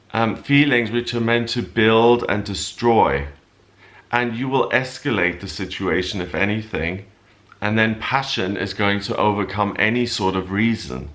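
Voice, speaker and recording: Low-voiced man reading weekly horoscopes. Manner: explains calmly with loose, rambling asides. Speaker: astrologer giving a weekly horoscope. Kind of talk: casual spoken forecast.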